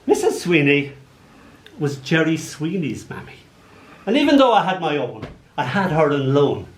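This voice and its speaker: A man's voice: on the high side, normal speed. A man in his sixties with an Irish accent, telling playful stories between poems at a live poetry reading. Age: 60s. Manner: playful storytelling, animated comic asides. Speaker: poet. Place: arts venue hall before a live audience. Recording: roomy hall, faint background noise.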